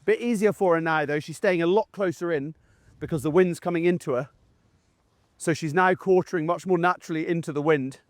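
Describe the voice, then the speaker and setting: Male gundog trainer, slightly high voice, chatty field teaching with short commands to the dog, dry close sound outdoors. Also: a little fast, dry recording. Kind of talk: instructional talk while working a dog in the field. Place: outdoors in a field beside a game crop.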